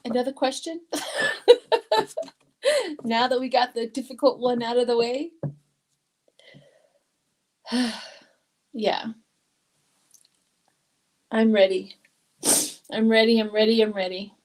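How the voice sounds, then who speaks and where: Older woman, tarot reader on a live stream, a touch high-pitched, emotional and talkative. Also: little pitch movement, measured pace, pauses often, darkish tone, rough recording. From Colorado, USA. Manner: emotional, chatty, reads viewer comments aloud.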